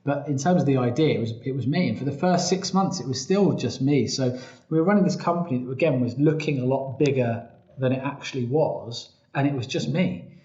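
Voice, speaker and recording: A travel company founder appears as a podcast guest, chattily telling his story, often quoting himself and restarting sentences. His mid-range voice is brisk and warm. The recording sounds roomy and slightly dull.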